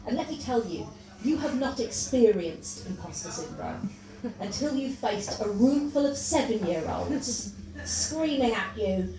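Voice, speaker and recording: A woman's voice: sits high, sing-song, crowd noise. Chatty woman doing stand-up in a pub. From Wales. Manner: chatty and self-mocking, with quick asides. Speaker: stand-up comedian. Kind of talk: stand-up comedy set. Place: pub comedy gig with a live audience. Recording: roomy live mic from a distance, audience laughter.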